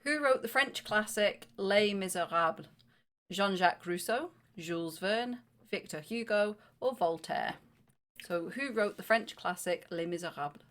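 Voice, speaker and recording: A woman co-hosting a casual live-stream quiz, relaxed and quick to laugh as she reads questions. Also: mid-range voice. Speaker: quiz co-host.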